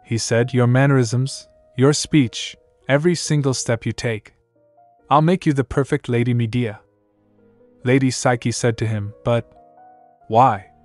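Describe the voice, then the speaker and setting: A man's voice: mid-range voice, fairly even intonation, a little slow, soft background music. Man narrating a recap in a plain voice. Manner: reads the narration and every character's quotes in one plain voice. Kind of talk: scripted story narration.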